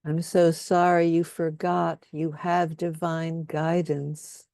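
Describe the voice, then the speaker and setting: A woman leading a guided healing workshop, speaking softly and soothingly as she has the group repeat statements after her. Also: sits low, flat delivery, slow, creaky, no echo, clean studio sound. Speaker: workshop leader.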